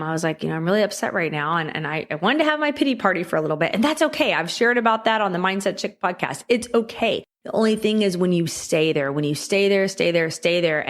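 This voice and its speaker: A woman talks through a solo podcast episode in a chatty, conversational way. Her voice sits in a middle range, and she keeps checking in with the listener as she goes. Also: medium pitch. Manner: chatty and conversational, asks "right?" often. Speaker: podcast host.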